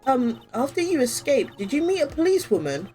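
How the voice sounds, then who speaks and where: A woman's voice: high voice, sing-song, fairly quick, mellow, soft background music, voice pushed up. A woman voicing a nervous young female rookie lawyer, talking hesitantly. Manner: hesitant, anxious.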